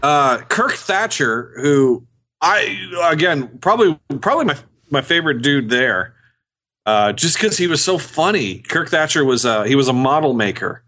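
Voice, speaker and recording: A man's voice: a little high, very animated, normal speed, sharp tone. A man co-hosting a podcast, telling convention stories in casual chat with many restarts. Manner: rambling storytelling with many restarts. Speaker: podcast co-host.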